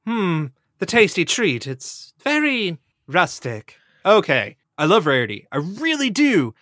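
A podcast co-host talks casually and playfully about a cartoon episode. The pitch swings a lot, and the recording is dry and close. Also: wildly swooping pitch, a little slow, a bit bright, no room sound. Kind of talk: casual episode recap chat.

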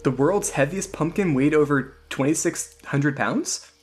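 A man's voice: a little high, unhurried, soft background music. A man playing a tabletop game in a casual, playful chat. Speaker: player.

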